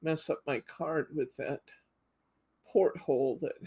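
A woman's voice: sits low, takes it slowly, dark tone, breathy edge. A middle-aged woman hosting a live craft demo, chatting casually and reading out viewer comments. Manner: chatty, reads out viewer comments, frequent laughs. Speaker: craft show host.

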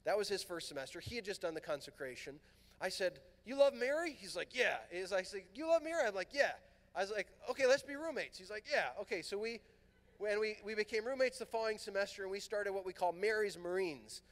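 Man, middle-aged, high voice, animated storytelling, long hall reverb. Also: brisk. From Southern California. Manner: animated, acts out quoted dialogue. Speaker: priest and conference speaker. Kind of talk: storytelling talk to a youth conference. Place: large fieldhouse hall.

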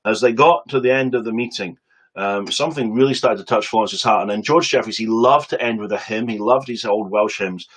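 Guy preaching into a webcam, kinda husky, storytelling vibe. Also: fairly low pitch, poor audio. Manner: lively storyteller, acts out quotes, quick asides. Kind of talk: sermon storytelling on a webcam stream.

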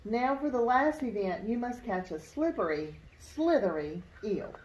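A woman's voice: a little high, expressive, a little slow, darkish tone. A woman voicing a pelican who judges a bird contest and announces each event in a grand tone. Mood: announcing. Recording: roomy echo.

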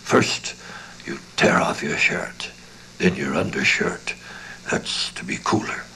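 A man voicing a hospitable one-legged innkeeper in a dramatized audiobook, with a hushed, musing way of talking. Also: sits low, slow pace, gravelly, heavily acted, low-quality recording. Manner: hushed, sinister musing, slips into whispers.

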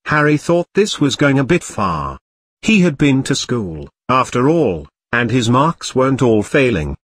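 A man narrating a parody storybook in a deadpan, steady reading. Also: medium pitch, a little slow, slightly rough, dry recording.

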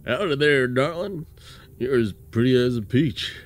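A man's voice: medium pitch, slow, lightly acted. Man doing a drawling southern cowboy rat. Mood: flirty. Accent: American Southern. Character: smooth-talking southern cowboy rat, male adult.

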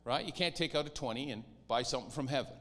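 A man preaching a sermon as pastor, animated and lively, sometimes mimicking whiny pleading voices. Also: mid-range voice, fast talker, in a large hall.

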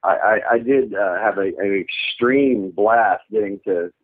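A man in his thirties, a voice actor chatting in an interview, animated and laughing often as he slips into quick character voices. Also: on the low side. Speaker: voice actor guest. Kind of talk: casual interview chat. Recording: tinny phone-like archive audio.

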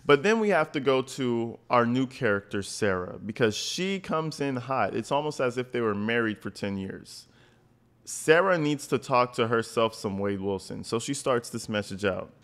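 Male commentator with a blunt, crude, mocking delivery, mid-pitched voice. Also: animated, normal speed, fairly bright tone. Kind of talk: profane reaction commentary.

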